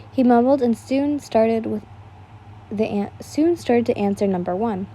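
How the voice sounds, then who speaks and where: A woman's voice: a little high, normal speed, warm tone, slight background noise. A young woman casually reading fan fiction aloud, tired and yawning, breaking off for chatty asides.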